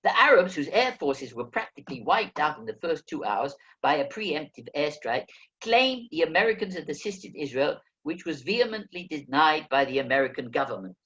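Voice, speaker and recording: A man narrating a first-person memoir as an audiobook reader, telling the story in a lively way. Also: fairly high pitch, moderate pace, highs cut off. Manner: lively storytelling, acting out quoted speech.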